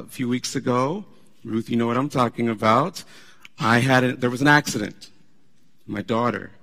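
A man preaching a sermon as pastor, animated and conversational, laughing often as he talks. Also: mid-range voice, vocal fry, husky, long reverb tail.

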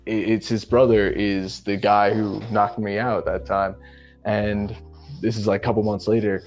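A young man co-hosting a podcast, telling a long personal story in a relaxed, profane way, with lots of "man" and "you know". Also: on the low side, moderate pace. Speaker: podcast co-host. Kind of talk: casual storytelling chat. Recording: slightly muffled lo-fi audio with faint music.

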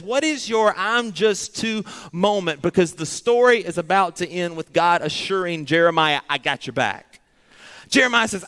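A man's voice: fairly high pitch, expressive, normal speed, fairly bright tone. A man preaching a sermon, earnest and dramatic, acting out pleading prayers in short repeated phrases.

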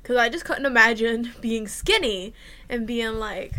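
A young woman with a bright, sharp-edged voice that sits a little high. She talks bluntly and swears freely, acting out the back-and-forth of the stories she tells. Her delivery is loose, casual chat. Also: unhurried. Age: young adult. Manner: blunt, profane and animated, acts out quoted exchanges. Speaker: podcast co-host.

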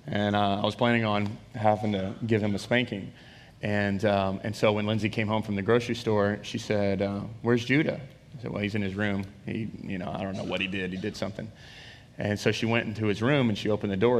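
A man's voice: fairly low pitch, fairly even intonation, normal speed, a little hiss or hum. Man preaching in a reverberant church. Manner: storytelling, shouts names in quoted scenes. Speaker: pastor. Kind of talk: sermon. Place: church hall. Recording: long hall reverb from a church.

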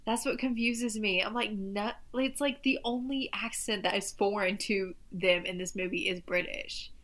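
A woman's voice: mid-range voice, fairly even intonation, moderate pace, fairly bright tone. Chatty woman rambling in casual talk. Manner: rambling, self-interrupting, lots of "like". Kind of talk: casual chat reviewing a movie.

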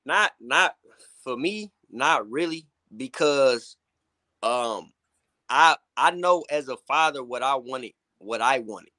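A man's voice: mid-range voice, lively intonation, takes it slowly, sharp tone, dry recording. A man who is a guest on an interview, speaking candidly and often saying "you know what I'm saying". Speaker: gospel hip hop artist guest. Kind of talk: casual interview chat.

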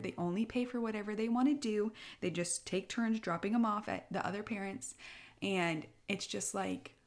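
A young woman, a military spouse, chatting in a casual, emotional way, tearful and rambling with many fillers. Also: mid-range voice. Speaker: podcast co-host, military spouse. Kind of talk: casual heartfelt chat.

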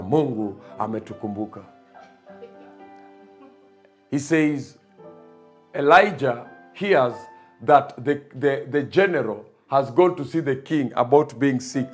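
A man's voice: medium pitch, a little slow, soft background music. A man preaching a sermon, emphatic and repetitive, building his points.

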